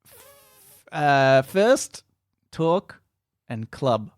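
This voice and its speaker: A man's voice: mid-range voice, sing-song, extremely slow, no room sound. A man co-hosting a podcast who runs a movie-quote quiz and chats casually, teasing and rambling about films. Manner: chatty, teasing, rambling opinions. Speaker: podcast co-host, quiz master.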